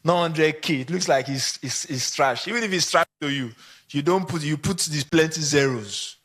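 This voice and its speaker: A man with a Nigerian accent giving a conference talk to photographers, animated and acting out short examples as he speaks. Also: on the high side, normal speed.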